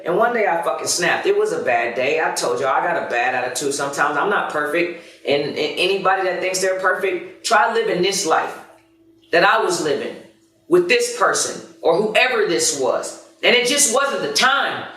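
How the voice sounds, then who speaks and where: A man's voice: sits high, expressive, moderate pace, bright, forceful tone. A man hosting a podcast, telling a personal story in a candid, profane and self-critical way. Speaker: podcast host. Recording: very echoey room, far from the mic.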